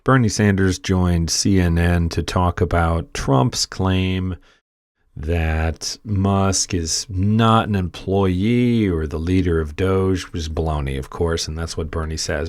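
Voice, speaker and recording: A man's voice: sits low, moderate pace, darkish tone, no echo, studio quality. A man hosting a political commentary video, conversational and repeating words for emphasis. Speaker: commentary channel host.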